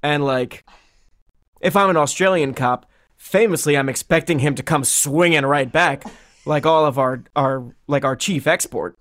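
A man's voice: fairly high pitch, normal speed, a bit bright. A man in casual comedic chat, riffing with dry, wry reasoning.

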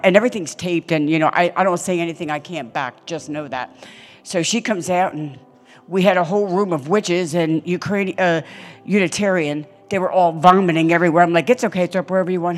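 An older woman preaching a sermon on a church stage, telling stories emphatically with sudden loud peaks. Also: on the low side, fairly quick.

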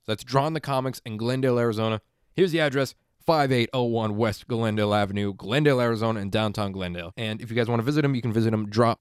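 A man hosting a podcast, chatting casually and reading an ad with quick enthusiasm and the odd swear. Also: mid-range voice, smooth, no room sound, clean studio sound. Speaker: podcast host. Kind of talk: casual podcast chat and read ad.

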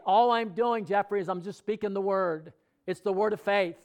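A man's voice: high-pitched, steady tone, moderate pace, clear, resonant tone. A middle-aged man preaching a sermon in a conversational way, asking the congregation questions and speaking out example prayers. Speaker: pastor.

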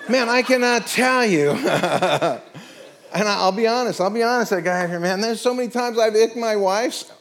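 A middle-aged man preaching a sermon, telling a story with acted-out dialogue and soft, hushed moments. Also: high-pitched, expressive, normal speed, gravelly. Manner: storytelling, acts out dialogue, drops to soft whispers. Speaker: pastor.

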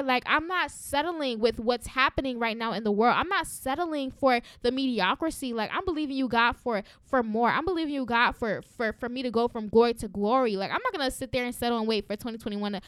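A woman's voice: a little high, animated, brisk, few pauses, a bit bright, clean tone, dry recording. A woman hosting a faith-based podcast, encouraging listeners in a fervent, preachy way and often tagging lines with "right?". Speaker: podcast host.

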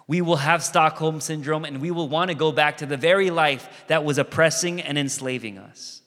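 A man preaching a sermon as pastor, animated and conversational, acting out quoted voices and asides. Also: mid-range voice. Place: church sanctuary. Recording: long reverb of a church hall.

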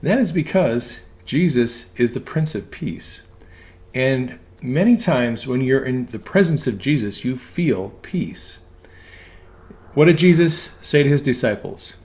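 A man's voice: medium pitch, animated, unhurried, darkish tone. A man, an ambulance medic, giving a casual religious teaching talk, hesitating with frequent ums and restarts. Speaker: ambulance medic speaking on faith.

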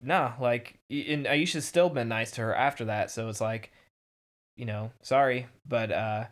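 A man talking casually through a show recap, voice sitting at an ordinary middle pitch. He rambles with plenty of ums and likes, slipping into quick voices for the characters. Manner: rambling, filler-heavy, acts out characters' lines in quick voices. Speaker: podcast co-host.

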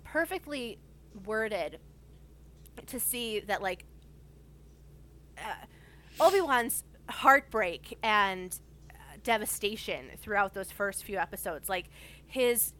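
A woman's voice: medium pitch, animated, slow pace, pauses often, a bit bright. Chatty enthusiastic woman. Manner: enthusiastic, rambling, many fillers. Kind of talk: casual chat.

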